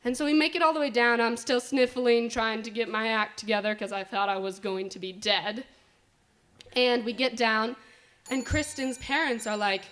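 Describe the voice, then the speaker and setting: A woman's voice: fairly high pitch, steady tone, normal speed, fairly bright tone. A young woman telling a personal story live at a story slam, chatty and full of fillers like "like", on a stage mic. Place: indoor winery event space.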